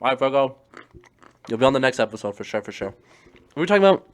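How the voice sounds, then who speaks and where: A man's voice: medium pitch, sing-song, fast talker. A man hosting a casual podcast chat, telling loose, profane stories and laughing often. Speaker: podcast host.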